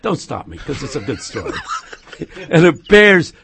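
A man talking as a radio guest, telling stories in an animated, joking way and dropping to a hush for serious points. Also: a little high, moderate pace, vocal fry, a crowd in the background. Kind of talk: casual chat and storytelling.

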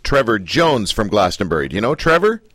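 A man hosting a radio talk show, joking with his guest and talking in quick asides. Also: fairly low pitch. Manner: jokey, animated, quick asides.

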